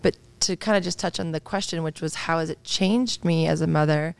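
A woman's voice: low-pitched, a little fast, creaky, dry recording. A woman in her thirties, a psychologist guest on a podcast, talking earnestly and openly in a candid interview. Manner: earnest, open and reflective, with soft laughs.

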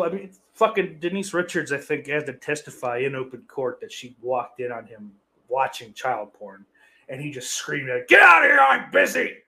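A man's voice: fairly high pitch, fairly bright tone. Profane offhand man chatting. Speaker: livestream host reading chat. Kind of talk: casual rambling chat.

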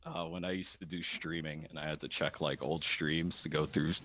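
A man co-hosting a podcast in casual chat, laid-back and quick to laugh. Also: very deep voice, level tone, fairly bright tone, slight background noise. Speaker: podcast co-host.

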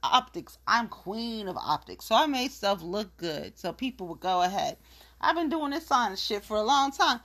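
A woman's voice: medium pitch, animated, normal speed, a bit bright. A woman in a casual monologue rant, blunt, profane and gossipy, telling her side of a story.

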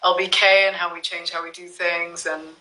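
A woman's voice: lowish voice, little pitch movement, normal speed, pushed and bright, echoey room, low-quality recording. A woman guest in a casual chat, thoughtful and reflective.

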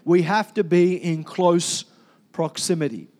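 A man preaching a sermon, loud and energetic, calling on the congregation to repeat words after him. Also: high-pitched, unhurried. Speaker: pastor.

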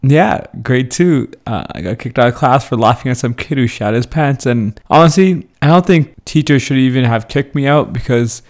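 A man's voice: medium pitch, normal speed, few pauses, darkish tone. A young man hosting his own show, casually telling funny school stories and laughing often as he goes. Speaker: podcast host. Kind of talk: casual storytelling.

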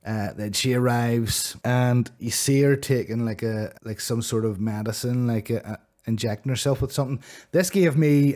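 A man's voice: medium pitch, darkish tone. Rambling man reviewing films. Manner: rambling, frequent restarts and fillers. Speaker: movie review podcast host. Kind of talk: casual chat.

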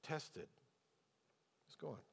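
A man preaching as a pastor, telling a personal story and then pressing the congregation with rhetorical questions. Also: slow pace. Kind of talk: sermon. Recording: long hall reverb.

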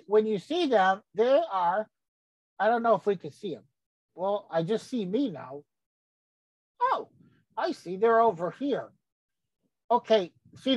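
A woman's voice: mid-range voice, a little mellow, no room sound, poor audio. A woman voicing a cranky, rambling old grandfather who gets sidetracked in a folksy comic monologue. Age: older. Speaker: comedy character host.

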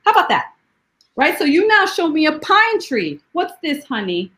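A woman from Jamaica, a poet guest who talks in lively rhetorical questions and recites her poems slowly and deliberately. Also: very high-pitched, poor audio. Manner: rhetorical questions, animated storytelling; slow, deliberate poetry recitation. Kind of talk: conversational interview and poetry reading.

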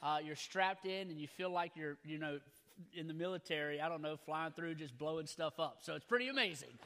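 A man, preaching a sermon in a folksy, energetic, repetitive way. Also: a little high, brisk. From Louisiana. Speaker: pastor.

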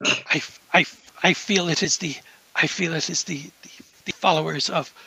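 A man's voice: on the high side, moderate pace, creaky, sharp tone, breathy edge, dry recording, full character voice, low-quality recording. A man voicing a nervous, paranoid male inventor who stammers and frets. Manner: stammering, flustered.

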